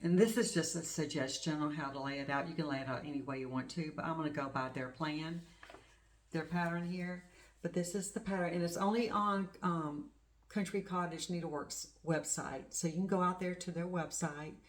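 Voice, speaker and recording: Speaking at a moderate pace with fairly even intonation, a middle-aged woman with a low-pitched voice hosts a craft channel. Her talk is a chatty, rambling show-and-tell as she gushes over small bits of her stitching.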